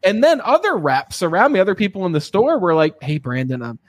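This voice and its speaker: A man hosting an interview, telling stories in a casual, animated way and often checking in with his guest. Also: high voice, brisk, dry recording. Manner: animated storyteller, frequent tag questions. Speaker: podcast host.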